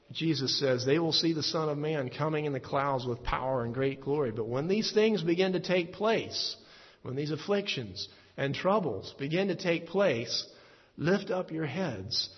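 A man teaching a Bible passage in a halting way, with many fillers and restarts. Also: medium pitch, breathy edge. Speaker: preacher. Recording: dull lo-fi recording in a reverberant hall.

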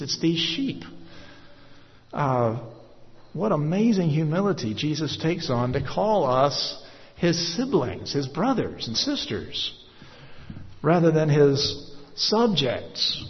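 A man preaching a verse-by-verse sermon, measured and explanatory with many "uh" pauses. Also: fairly high pitch, big pitch swings. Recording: echoey hall, dull lo-fi sound.

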